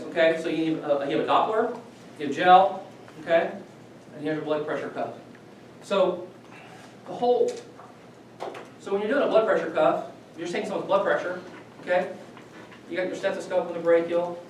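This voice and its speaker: A man delivers a casual classroom lecture, checking in with his students constantly. His voice sits a little high for a man. He is picked up from far off in a very echoey room, with a faint hiss underneath. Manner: conversational, repeats okay as a check-in.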